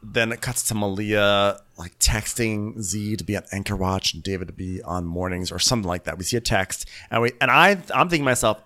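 A man's voice: fairly low pitch, brisk, hardly any pauses, bright, forceful tone. A man co-hosting a podcast, recapping a TV episode in casual chat with wry, exasperated riffs. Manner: wry, exasperated riffing with laughs. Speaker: podcast co-host.

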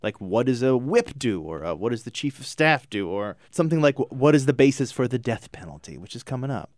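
Guy on a podcast, laughs a lot, pitch jumps all over, dry close sound. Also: fairly quick, dry recording. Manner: laughing, animated storyteller. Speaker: podcast guest. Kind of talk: casual chat.

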